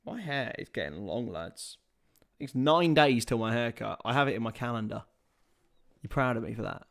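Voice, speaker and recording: A man hosting a live football watchalong, mixing match commentary with casual chat to his viewers. He swears, calls them lads and bursts into loud excited calls. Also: medium pitch, normal speed, creaky.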